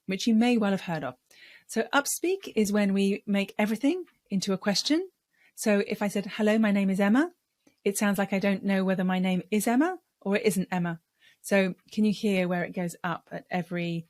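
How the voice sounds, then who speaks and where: A woman speaking coach teaching to camera in a clear, deliberate way, sometimes acting out voice styles. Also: mid-range voice, no echo, studio quality.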